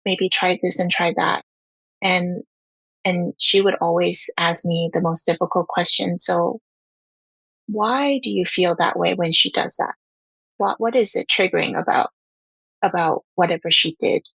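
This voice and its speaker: A woman's voice: fairly low pitch, fairly even intonation, a little slow, gravelly, fairly bright tone, breathy edge, dry recording, low-quality recording. A woman who is a parent, talking candidly and earnestly about her home life in an interview, acting out what her children say. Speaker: parent guest.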